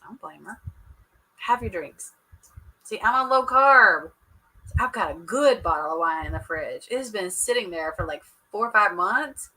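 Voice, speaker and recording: A woman's voice: mid-range voice, lively intonation, normal speed, pushed and bright, rough recording. A woman hosting a casual live chat, sassy and joking, laughing often as she talks to her viewers. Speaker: livestream host recapping a reality show.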